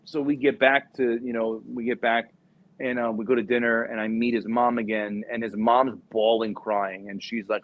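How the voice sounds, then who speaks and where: A young man spins a long, profane story as a podcast guest, slipping into the voices of the people he quotes. His voice sits at an ordinary middle pitch. The audio is dull and lo-fi. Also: flat delivery, normal speed. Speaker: podcast guest, former Marine recruiter. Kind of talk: casual storytelling.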